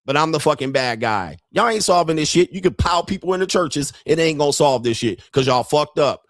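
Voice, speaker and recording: A man's voice: on the high side, expressive, moderate pace, dry recording, clean studio sound. A man hosting a podcast, ranting in a heated, profane, preachy way and repeating lines for emphasis. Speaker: podcast host. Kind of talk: ranting monologue.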